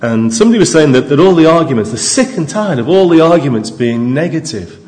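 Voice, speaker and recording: A man's voice: a little high, very animated, quick pace, darkish tone. Chatty male preacher in a reverberant hall. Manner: conversational and jokey, with restarts and asides to the congregation. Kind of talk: sermon. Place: church.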